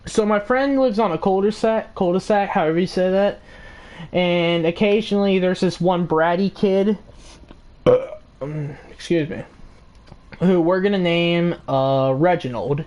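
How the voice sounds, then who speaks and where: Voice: mid-range voice, unhurried, darkish tone. Rambling, swearing casual storyteller. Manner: rambling, swearing, many fillers.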